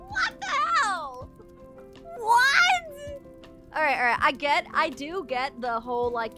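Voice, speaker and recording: A young woman streaming live, chatting casually and rambling, laughing often and sometimes breaking into shouts. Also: high-pitched. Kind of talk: casual livestream chat.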